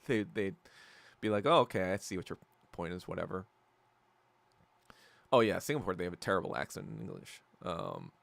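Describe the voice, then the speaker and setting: A man's voice: medium pitch, vocal fry, bright, forceful tone, no room sound. A man hosting a casual solo podcast chat, ranting with constant swearing and trailing off into fillers and restarts. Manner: profane ranting, heavy swearing. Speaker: podcast host.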